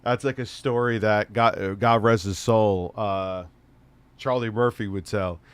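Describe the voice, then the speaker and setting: A man hosting a live stream, telling a story in casual chat with heavy swearing and an animated, laughing delivery. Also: lowish voice, measured pace, clean tone.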